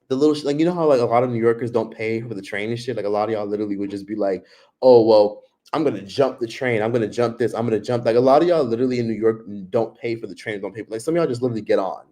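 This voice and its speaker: A man's voice: medium pitch, warm tone. A man hosting a livestream, ranting casually and profanely straight to his viewers. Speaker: livestream host.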